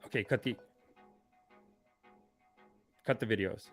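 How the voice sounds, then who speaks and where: A man hosting a comedic live stream. He swings between hushed mock-spiritual calm and loud excited outbursts, laughing often. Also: on the low side, slow, faint music behind. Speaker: livestream host.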